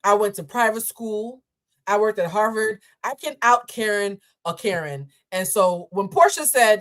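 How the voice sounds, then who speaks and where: A woman's voice: mid-range voice, lively intonation, measured pace, a bit bright. A woman from Boston hosting a live stream, reacting bluntly and profanely to a viral clip and laughing often. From Boston, USA.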